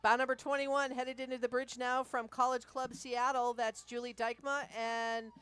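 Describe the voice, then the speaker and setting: A woman commentating a rowing race live, briskly reading out the crews, their clubs and backgrounds. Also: a little high, level tone, a bit bright, clean tone.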